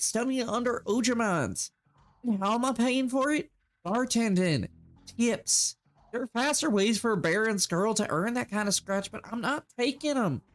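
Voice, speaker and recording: A man's voice: very high voice, a bit bright, pitched above the performer's own voice. A man voicing a sly young elf barmaid in a faux Southern drawl, reading game text in character. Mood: fed up. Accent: faux Southern American.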